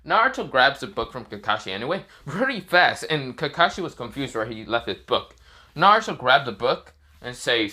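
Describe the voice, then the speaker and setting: Rambling bright-voiced male storyteller. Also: medium pitch, lively intonation, brisk. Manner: rambling, many fillers and slips. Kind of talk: improvised fan-fiction narration.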